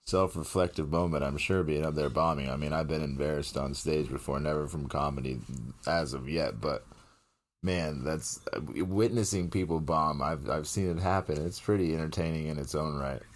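A man's voice: a bass voice, fairly even intonation, normal speed. A man co-hosting a podcast in casual, laid-back chat, laughing often. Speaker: podcast co-host.

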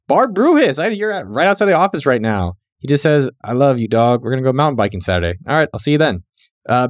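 A young man hosting a podcast, reading out listener names and riffing with quick jokes. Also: medium pitch, no echo, clean studio sound. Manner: joking, riffing, quick asides. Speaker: podcast host. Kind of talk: reading listener shout-outs.

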